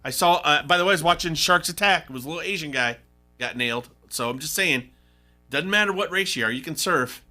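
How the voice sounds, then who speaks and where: A man's voice: on the high side, a little fast, pushed and bright, faint music behind. A middle-aged man hosting a sports talk radio show, in casual, rambling and indignant banter.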